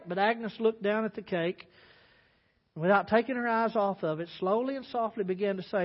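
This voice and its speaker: A pastor tells a sermon story in an animated way, acting out the voices. His voice is very high for a man. A dull, lo-fi recording carries a long reverb from a church sanctuary. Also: normal speed.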